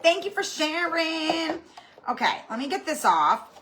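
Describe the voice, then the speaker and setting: High, bright-voiced woman craft host. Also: very animated, unhurried. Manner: chatty and rambling, greets viewers by name. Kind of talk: live-stream craft tutorial.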